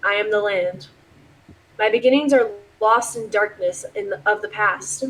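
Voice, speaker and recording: A woman voicing a traveling man who reads a dark old journal aloud in a measured, solemn way, without putting on an accent. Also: sits high, poor audio.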